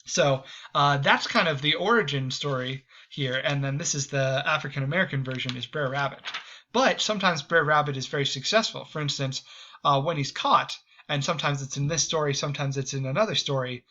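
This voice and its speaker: Male history host, casual lecture, hesitant with frequent ums, bright forceful voice, somewhat high. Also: normal speed, lo-fi sound. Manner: hesitant, many ums and restarts.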